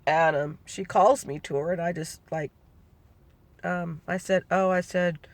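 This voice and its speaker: Her voice is on the low side and steady, a little slow. A middle-aged family storyteller, she recounts a personal family memory, rambling conversationally and often correcting herself.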